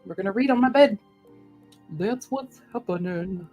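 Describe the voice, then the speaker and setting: A woman's voice: medium pitch, normal speed, phone-quality sound, faint music behind. A woman streamer chatting casually and rambling to her viewers. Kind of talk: casual live-stream chat.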